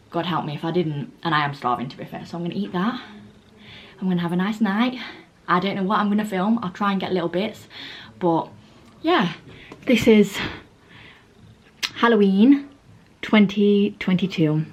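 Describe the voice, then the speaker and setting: A woman's voice: lowish voice, slight background noise. A young woman in her twenties chatting casually to her phone camera, rambling with lots of ums and laughs. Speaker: vlogger.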